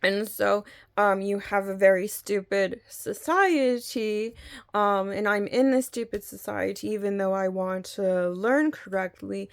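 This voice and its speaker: A woman's voice: medium pitch, a little slow, vocal fry, clean tone. A woman in a casual spoken review, talking in an earnest, rambling way with frequent restarts. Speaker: video blogger reviewing an audio drama.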